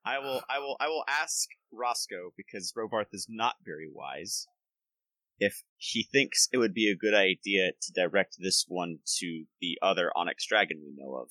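A man's voice: deep voice, expressive, normal speed, sharp tone, no room sound, poor audio. A man playing a tabletop game, chatting casually and stammering as he thinks aloud. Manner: stammering, hesitant. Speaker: player.

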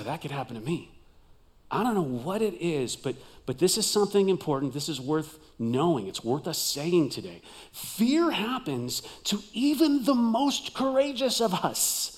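A male pastor preaching a sermon with dramatic delivery, swinging from loud emphasis to near whispers. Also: medium pitch, lively intonation, moderate pace.

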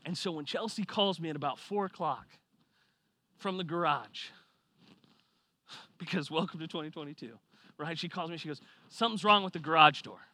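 A man preaching a sermon, telling a personal story with lively swings from quiet reflection to loud excitement. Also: a little high, normal speed, long pauses, no echo. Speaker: pastor.

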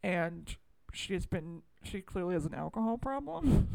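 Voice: mid-range voice, expressive, unhurried, gravelly, a little mellow, no room sound. A podcast co-host in casual movie-review chat who rambles, runs themselves down and swears freely.

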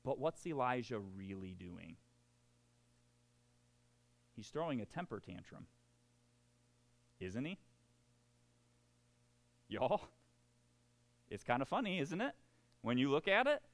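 Animated pastor preaching. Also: male voice, mid-range voice, takes it slowly, gravelly, long pauses. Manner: animated, acts out quoted voices, laughs at himself. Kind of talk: sermon.

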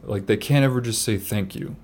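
Deep gravelly guy chatting on a podcast, lots of uh and like, restarts a lot. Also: a little mellow. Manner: halting, with many fillers and restarts. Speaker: podcast co-host. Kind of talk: casual chat reading news stories.

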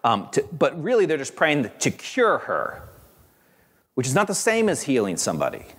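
Animated preaching man in a reverberant hall. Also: mid-range voice, normal speed, husky. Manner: animated, conversational preaching with asides. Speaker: pastor. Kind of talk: sermon.

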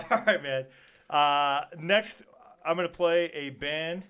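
A man's voice: on the high side, slow pace, a bit bright, clear, resonant tone. A man hosting a casual chat, introducing bands and tripping over names. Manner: easygoing, stumbles over names. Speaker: show host. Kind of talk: casual radio-style chat.

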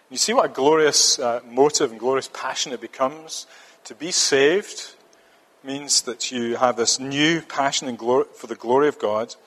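A man's voice: medium pitch, fairly bright tone. A man preaching a sermon, earnest and emphatic, often repeating a phrase for stress. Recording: long reverb of a church hall.

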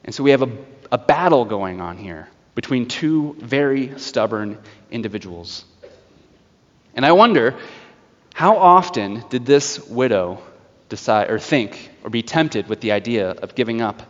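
A man preaching a sermon, telling a story in a lively way with laughs and acted-out voices. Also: medium pitch, measured pace. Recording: dull sound with long hall reverb.

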